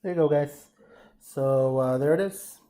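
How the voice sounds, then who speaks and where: A man's voice: fairly high pitch, measured pace, dark tone. A man teaching a math lesson, thinking aloud casually as he works problems and addresses the class as guys. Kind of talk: informal lesson walkthrough.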